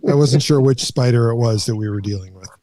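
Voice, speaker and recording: A man co-hosting a podcast, chatting casually in a quick, joking way. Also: medium pitch, noisy background. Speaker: podcast co-host. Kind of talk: casual chat.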